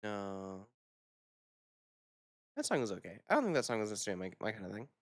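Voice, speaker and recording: A vtuber streamer chatting casually on a live stream, rambling and swearing, with quick reactions and frequent laughter. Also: low-pitched, big pitch swings, no echo. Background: background music.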